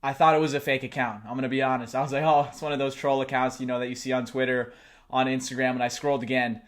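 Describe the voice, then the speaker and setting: A young man vlogging about college football, talking live and out of breath, excited and rambling. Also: medium pitch, fast. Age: young adult. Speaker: sports vlogger. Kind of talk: live unscripted vlog reaction. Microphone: close mic, camera and laptop.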